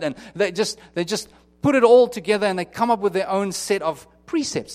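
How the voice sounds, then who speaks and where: A man's voice: high-pitched, fairly quick, a little mellow. A man preaching a sermon in an earnest, conversational way, often restarting and acting out what people might say. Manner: earnest, conversational, with many restarts and acted-out quotes. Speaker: pastor.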